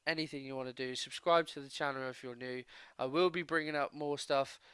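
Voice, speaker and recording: Male gaming host, excitable play-by-play caller, crisp dry voice. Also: medium pitch, a little fast, dry recording. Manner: excitable, bursts into loud cheers at goals. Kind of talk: football sim play-by-play commentary.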